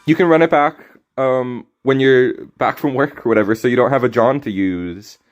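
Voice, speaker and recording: A man streaming a card game, chatting casually with his viewers, teasing them and breaking into loud, sudden reactions. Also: mid-range voice, moderate pace, highs cut off, soft background music. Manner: casual, teasing banter with chat. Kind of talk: live game stream commentary.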